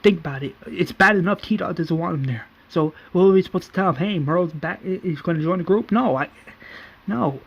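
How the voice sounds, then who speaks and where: A man's voice: high-pitched, a little fast, vocal fry, slightly rough, highs cut off, heavily acted. A man voicing a stern leader laying down the rules for his group. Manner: stern, decisive.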